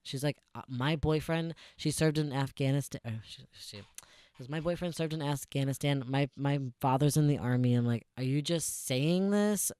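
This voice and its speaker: A man's voice: mid-range voice, moderate pace, a little mellow, clear, resonant tone, no room sound. A young man talks into a close podcast mic, dry and near with no room sound. He retells a work story casually and sarcastically, swearing freely. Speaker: podcast co-host.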